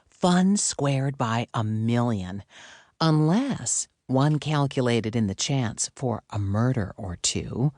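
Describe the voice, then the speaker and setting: A woman narrating a cozy mystery audiobook in a measured, deliberate reading. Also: extremely low pitch, a little mellow, no room sound, clean studio sound. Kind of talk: scripted narration.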